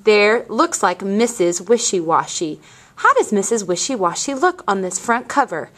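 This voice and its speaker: A woman teacher reading a picture book aloud to young children and asking them questions in a clear, patient way. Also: mid-range voice, expressive, moderate pace, a bit bright.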